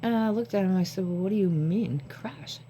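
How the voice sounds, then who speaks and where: A woman's voice: medium pitch, fast talker, warm tone, slight background noise. A woman vlogging to her phone at home, talking casually and rambling from thought to thought, short on sleep. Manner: rambling, jumps between thoughts. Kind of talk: casual talk to camera. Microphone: phone camera.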